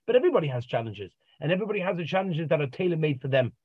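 Male life coach, slightly high voice, story-driven motivational talk, dull dry video-call sound. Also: very animated, racing, slightly rough, no room sound. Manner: tells stories and acts out the dialogue.

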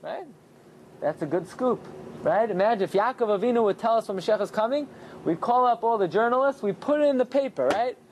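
A man giving an animated Torah class, telling the story with lots of rhetorical questions. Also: sits high, fairly quick, a little hiss or hum. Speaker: rabbi teaching Torah.

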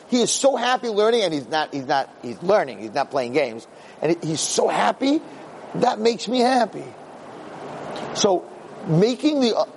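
A man giving a lively Torah lecture as a rabbi, acting out quotes in a storyteller's manner and building to excited peaks. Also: fairly high pitch, slight background noise, rough recording.

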